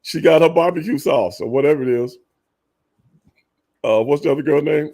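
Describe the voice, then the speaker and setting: With a fairly high-pitched, dark-toned voice at moderate speed, a man who once wrestled hosts a casual livestream. He chats bluntly and profanely with viewers by name and laughs frequently.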